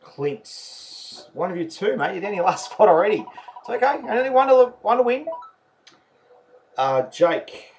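A man's voice: sits high, expressive, a little slow, a little hiss or hum. A man with an Australian accent, hosting a live raffle and commentating each name as it is drawn. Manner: chatty, calls names and counts spots. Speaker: raffle host.

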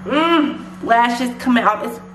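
A woman's voice: fairly high pitch, slow pace. A young woman vlogging to camera at home, venting frankly with heavy swearing. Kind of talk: casual vlog rant to camera. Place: indoors at home. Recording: echoey room with clear background noise.

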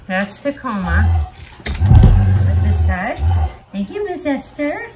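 A woman host talking casually to viewers while trimming her dogs' nails, coaxing them with soft praise. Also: sits high, sing-song, slow, very noisy. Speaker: alpaca farmer and channel host. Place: indoors with the dogs on a farm.

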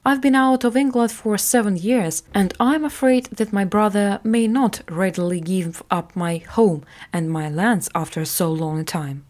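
A woman's voice: mid-range voice, a little slow, few pauses, a little mellow, lightly acted. A woman voicing a kind, brave soldier who looks after a boy, talking in an easygoing, plain way. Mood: explaining.

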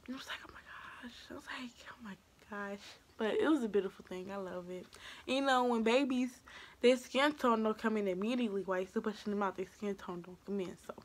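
A young woman vlogger telling a personal story in a casual, animated way, acting out what people said and swinging from hushed to loud. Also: mid-range voice, fast talker.

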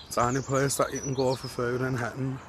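A man's voice: mid-range voice, little pitch movement, quick pace, fairly bright tone, a little hiss or hum. A young man vlogging on a town street into a phone, chatty and self-mocking. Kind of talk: casual vlog chat.

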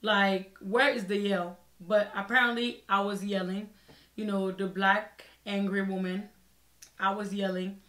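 A young woman vlogger telling a personal story in a casual, expressive way, acting out her own side of the conversations. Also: mid-range voice, unhurried. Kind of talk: storytime vlog. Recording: echoey room.

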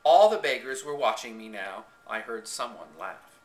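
Man reading a story out loud, bouncy lively voice, bright tone, echoey room on a camcorder. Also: medium pitch, normal speed, a little hiss or hum. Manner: expressive, dramatic storytelling. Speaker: reader. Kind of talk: reading a story aloud in first person.

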